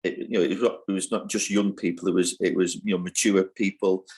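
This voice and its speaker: A man's voice: deep voice, steady tone, fast, darkish tone. An older man answering interview questions, thoughtful and hesitant, with frequent fillers. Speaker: interview guest, university training head.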